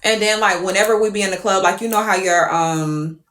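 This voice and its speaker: A woman telling a story to viewers on a live stream, animated and profane. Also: mid-range voice, brisk, reverberant.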